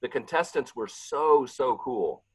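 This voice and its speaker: A man talking casually as a podcast guest, with a voice of middling pitch. He rambles and trails off mid-sentence while he hunts for names, then picks the thread back up. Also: animated, unhurried, slightly rough, rough recording. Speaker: guest, pizzeria owner and pizza competition emcee.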